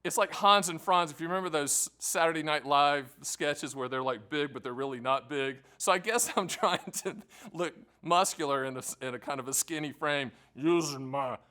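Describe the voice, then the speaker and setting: A man hosting a direct-to-camera explainer as an annuity agent, talking in an energetic, joking and emphatic way. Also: fairly high pitch, normal speed. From American South. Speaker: annuity agent hosting his own channel.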